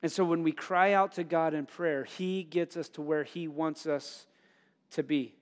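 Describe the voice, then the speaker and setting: High-voiced preacher in a reverberant hall. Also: male voice, steady tone, a little slow. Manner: preaching with emphatic rises and soft drops. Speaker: pastor. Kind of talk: sermon.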